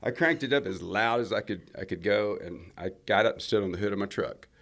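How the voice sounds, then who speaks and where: Gravelly low-voiced man. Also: fairly quick, fairly bright tone. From Alabama, USA. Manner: rambling storyteller, many restarts and fillers. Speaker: country singer, guest. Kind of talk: casual interview chat.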